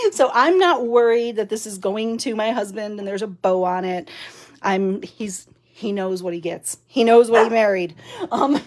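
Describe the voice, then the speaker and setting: A woman's voice: mid-range voice, darkish tone. A woman leading a chatty live-stream craft demo from her home craft room, laughing often and using lots of fillers, recorded by a mounted camera. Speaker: card-making demonstrator.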